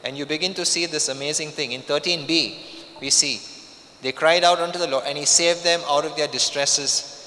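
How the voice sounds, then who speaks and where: Bright-voiced preacher in a reverberant hall. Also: male voice, fairly high pitch, fairly even intonation, moderate pace, a little hiss or hum. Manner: repeats phrases for emphasis, frequent restarts. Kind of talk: sermon.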